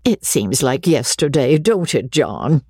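Man voicing a fussy older mother, raised pitch, breathy, chiding, storybook reading. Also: big pitch swings, slow pace, darkish tone, dry recording, exaggerated voice. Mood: fussing. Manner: chiding, fretful.

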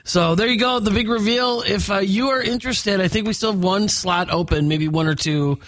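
Hosting a live morning radio show from the studio, a woman trades upbeat banter at normal speed. Her medium-pitched voice is chatty and full of fillers and restarts, with no room sound.

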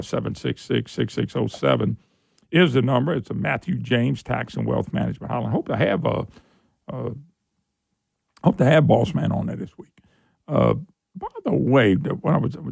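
A man's voice: mid-range voice, vocal fry, darkish tone, no room sound. A man hosting a call-in radio talk show, telling stories in a folksy way. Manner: folksy storyteller, acts out quoted voices.

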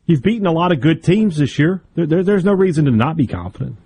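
A man's voice: fairly high pitch, lively intonation, fast, warm tone, husky. Male radio co-host, talks through game analysis, banters easily, studio mic. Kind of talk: casual sports radio talk.

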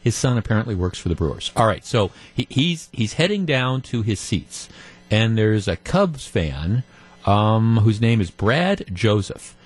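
A man's voice: fairly low pitch, very animated, measured pace, slightly rough. A man hosting a call-in radio talk show, retelling a story in a conversational way. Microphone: studio microphone.

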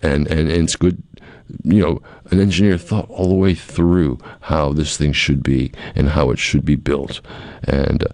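A man's voice: very deep voice, fairly even intonation, a little slow, darkish tone, no echo. A man hosting a talk radio show, chatting casually with many restarts and chuckles. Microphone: studio microphone.

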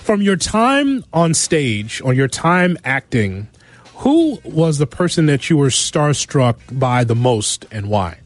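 A man's voice: fairly high pitch, big pitch swings, slow. A man hosting a sports talk radio show from a studio, joking and laughing easily with his guest. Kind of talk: casual radio interview.

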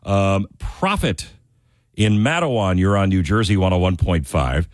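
A man's voice: low-pitched, expressive, a little slow, dry recording, studio quality. A man hosting a call-in radio talk show, chatting in a friendly way with callers. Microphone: studio microphone.

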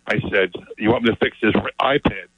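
Excited man telling a story, lo-fi. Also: on the low side, brisk, husky, no echo. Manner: excited, repeats words. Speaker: guest. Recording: dull, lo-fi sound.

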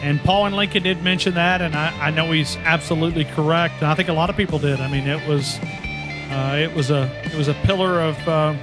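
A man with a Southern accent hosting a sports radio call-in show, chatting in a relaxed, easygoing way with many fillers. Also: a little high, fairly quick, music in the background.

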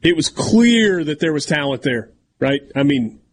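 Sports radio host, male, slightly high husky voice, talkative, leads the chat. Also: big pitch swings, a little slow. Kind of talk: casual sports talk banter, reads ad copy.

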